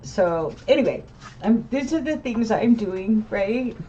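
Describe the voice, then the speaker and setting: A woman with a fairly high, mellow voice vents to her home camera, animated yet slow-paced. Weary and rambling, she keeps restarting and asking "right?" The dull, lo-fi recording has a little hiss or hum.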